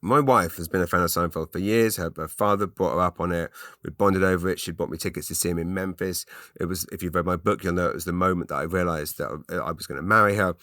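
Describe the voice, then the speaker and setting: A man's voice: low-pitched, fast, fairly bright tone, dry recording, clean studio sound. A man with an English accent hosting a podcast, telling a rambling comic story full of restarts and put-on voices. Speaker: podcast host. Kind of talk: solo comedic ramble.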